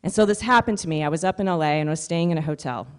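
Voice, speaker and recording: Woman doing an animated stand-up set. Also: deep voice, racing, clear, resonant tone. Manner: conversational, animated storytelling. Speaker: stand-up comedian. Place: stage at a live comedy showcase.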